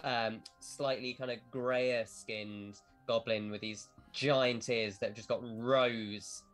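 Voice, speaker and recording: A man's voice: medium pitch, fairly even intonation, slow pace, faint music behind. A man narrating a tabletop game as game master over a video call, hesitant and full of filler words. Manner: hesitant, lots of "kind of" and "um".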